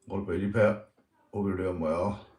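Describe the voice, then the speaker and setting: A man's voice: deep voice, steady tone, moderate pace, darkish tone, roomy sound. Northern Irish man chatting on a livestream. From Northern Ireland. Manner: swears freely, calls everyone mate and lad. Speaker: livestream host. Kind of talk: casual livestream chat, greeting viewers.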